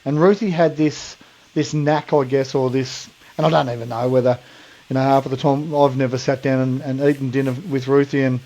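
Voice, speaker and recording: A man's voice: medium pitch, steady tone, brisk, dark tone, low-quality recording. An Australian man co-hosting a podcast, telling a rambling funny story in casual mate slang and laughing along. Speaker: podcast co-host.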